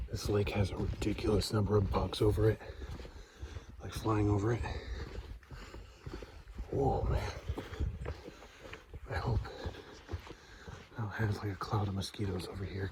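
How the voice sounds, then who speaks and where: Man, hiker, casual trail diary, lowish voice, loose rambling storytelling, handheld camera audio, noisy outdoors. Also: level tone, moderate pace, pauses often. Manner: rambling storytelling with many fillers and acted-out quotes.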